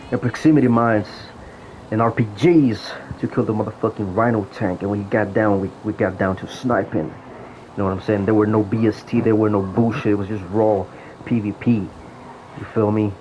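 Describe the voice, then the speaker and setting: A gaming vlogger rants casually and profanely, telling stories about old times in an online game. His voice is fairly low and steady at a moderate pace, and the audio is dull lo-fi with faint noise.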